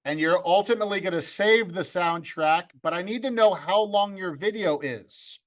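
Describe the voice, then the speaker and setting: Man, online instructor, joking, upbeat, higher voice, video call. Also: moderate pace. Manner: upbeat, joking, talks to students by name. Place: home room with green screen.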